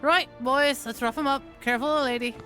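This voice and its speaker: A swaggering young gang boss from a story game , as a woman puts him on in a rough put-on accent. He threatens in a fairly high voice over faint music. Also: fairly even intonation, moderate pace, pushed and bright. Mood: menacing. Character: rough young male gang leader, menacing.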